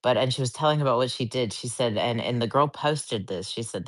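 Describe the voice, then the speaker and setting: A woman's voice: extremely low pitch, fairly quick, hardly any pauses, no room sound. A woman co-hosting a casual online audio chat, telling rambling stories full of "like" fillers. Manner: rambling storyteller with frequent "like" fillers.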